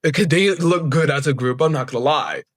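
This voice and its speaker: A man recapping wrestling episodes in a casual, excitable, slangy way, acting out the wrestlers' lines as he goes. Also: on the high side, brisk, background noise. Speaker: wrestling review host.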